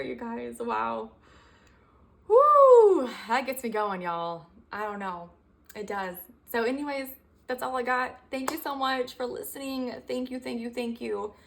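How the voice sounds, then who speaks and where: Excited young woman reading Bible verses. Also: on the high side, vocal fry, a little hiss or hum. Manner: excited and exclamatory, often says y'all and come on; reads scripture slowly with emphasis. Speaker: Christian video testimony speaker. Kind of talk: casual faith testimony, reading Bible verses.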